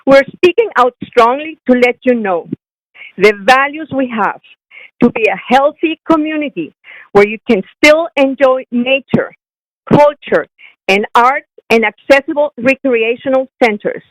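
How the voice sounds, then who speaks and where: A woman's voice: high voice, lively intonation, measured pace, no echo, poor audio. A middle-aged woman calling in by phone to give an earnest prepared comment at a council meeting, with small restarts as she reads. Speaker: public speaker at council, swim coach. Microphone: phone line.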